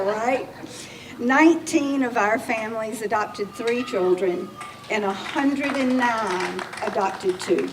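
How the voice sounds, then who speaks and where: At a public reception, a woman speaking as an agency official hands out awards in a heartfelt, emotional speech. Her voice is fairly high and she speaks slowly, with a crowd audible behind her. The mic is distant and picks up faint background noise.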